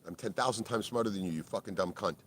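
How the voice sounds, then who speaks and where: A middle-aged man telling a rambling personal story in a blunt, heavily profane way, ending many phrases with "right?" and flaring up loudly at times. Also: fairly low pitch, quick pace. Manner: gets loud and worked up in bursts. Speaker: video creator.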